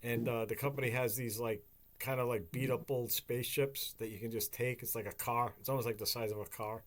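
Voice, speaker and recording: A man's voice: mid-range voice, a little fast, a little hiss or hum. Profane rambling man telling stories. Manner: rambling, profane, animated storytelling. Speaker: podcast host. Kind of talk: casual chat.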